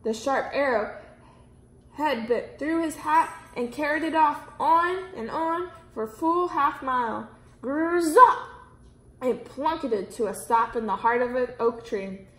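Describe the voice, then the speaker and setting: A woman reading a children's story aloud, with expressive storytelling. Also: sits high, measured pace. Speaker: reader. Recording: roomy echo.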